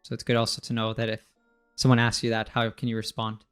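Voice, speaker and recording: A man explains pronunciation in a casual, friendly chat and laughs easily. His pitch sits in the middle range. Faint music plays underneath. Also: completely flat delivery, quick pace, a bit bright, clean tone. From United States. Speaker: English teacher.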